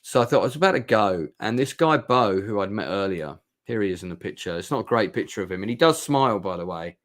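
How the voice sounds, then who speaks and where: A man's voice: fairly low pitch, lively intonation, fast. A man, casually telling a heartfelt, rambling story as he reviews a night out. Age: 50s. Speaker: vlogger reviewing a club night.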